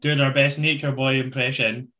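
A man's voice: mid-range voice, little pitch movement, normal speed, sharp tone, dull audio, slight background noise. A man co-hosting a casual wrestling recap chat, laid-back, joking and swearing often. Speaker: podcast co-host.

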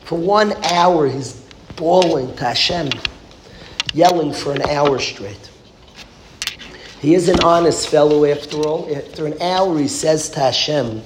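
A man's voice: on the high side, a little slow. Man preaching in an echoey, noisy room. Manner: emphatic, repetitive, builds to passionate exclamations. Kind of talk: storytelling sermon. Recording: echoey room with background noise.

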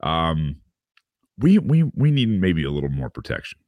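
A man's voice: very deep voice, huge pitch swings, normal speed, gravelly, no room sound, studio quality. A man reading a news article aloud and adding sardonic asides, with repeated words and fillers. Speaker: podcast host reading and commenting on a news article. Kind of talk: casual commentary with read-aloud passages.

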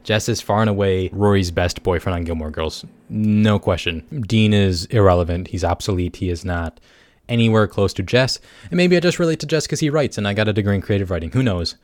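A young podcast host talks fast in a low voice on his casual solo show, rambling, joking at his own expense, and saying "like" a lot. The recording has no echo.

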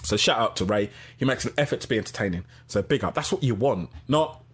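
A middle-aged man hosting a casual live-stream podcast, reading out chat and giving shout-outs. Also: on the low side, animated, fast talker, slightly rough. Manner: chatty, gives shout-outs, laughs easily.

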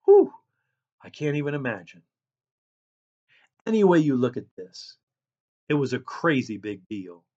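A man preaching a sermon as a pastor, reading scripture and describing himself as a loud person. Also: medium pitch, very animated, normal speed, pauses often, dull audio.

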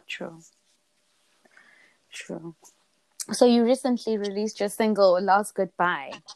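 A woman's voice: mid-range voice, a little mellow, no echo, poor audio. A woman hosting an interview, asking questions and giving short, encouraging responses. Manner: unhurried, encouraging with short affirmations. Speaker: interview host. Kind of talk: casual interview.

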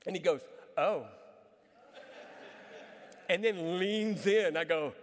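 Middle-aged male pastor, high-pitched, chatty and joking sermon style, reverberant church. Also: takes it slowly, pauses often. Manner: lively, joking, conversational preaching. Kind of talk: sermon with personal stories. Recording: reverberant hall.

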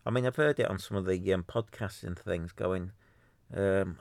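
A man who runs a free website hosts a solo podcast, ranting in an exasperated, sarcastic way, mocking others in put-on voices and rambling with many restarts. His voice sits low and gravelly at a moderate pace, with no room sound.

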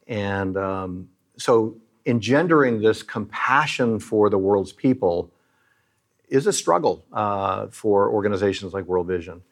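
Earnest, low-voiced man, preacherly. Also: a little slow. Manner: earnest, preacherly, tells moving stories. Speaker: leader at a Christian aid charity. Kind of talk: earnest interview talk.

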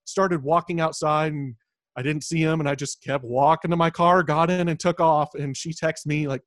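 A man with a somewhat high voice tells a dating story at an easy, halting pace. He keeps pausing on small fillers as he goes. The recording is dry and close. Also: no room sound. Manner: relaxed, halting delivery with fillers. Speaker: podcast co-host. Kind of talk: casual storytelling chat.

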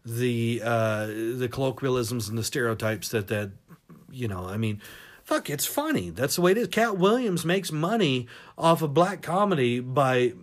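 A man hosting a podcast, ranting in a profane, animated monologue and laughing at his own jokes. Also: mid-range voice. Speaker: podcast host.

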